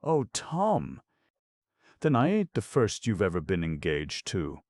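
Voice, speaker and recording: A man voicing a shy young schoolgirl, high and earnest. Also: huge pitch swings, slow pace, a little mellow, no room sound, full character voice. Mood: hurt. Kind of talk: audiobook character voicing.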